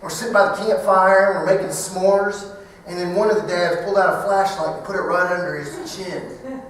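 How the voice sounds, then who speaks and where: A middle-aged man speaking at a banquet, telling a funny personal story in an animated way and acting out the voices. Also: sits high, normal speed, a little hiss or hum. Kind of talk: humorous storytelling talk. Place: large banquet hall. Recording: echoey hall from far off.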